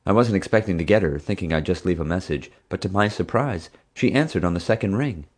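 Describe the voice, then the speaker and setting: A man with a very low voice reads a first-person story aloud. He tells it in a steady, plain way, like an audiobook narrator. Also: quick pace, husky.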